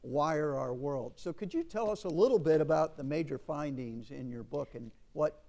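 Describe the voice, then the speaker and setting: A man moderating an interview on a conference stage, asking questions in a measured, formal way. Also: fairly high pitch, lively intonation, warm tone. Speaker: interview moderator, center director.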